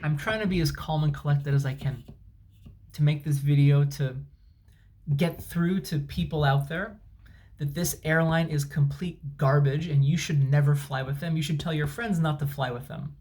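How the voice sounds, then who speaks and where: A man's voice: fairly high pitch, steady tone, normal speed, darkish tone. Exasperated man ranting about a trip. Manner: exasperated, emphatic, sarcastic. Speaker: travel vlogger. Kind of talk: angry storytime rant. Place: at home, indoors. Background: dryer and washing machine running.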